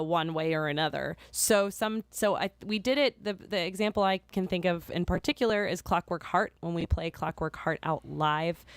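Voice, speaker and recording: A woman with a notably low voice co-hosting a relaxed live stream. She talks about her music in a chatty, rambling way, restarting her sentences often. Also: clear, resonant tone, no room sound. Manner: chatty, with frequent restarts and fillers. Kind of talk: casual chat.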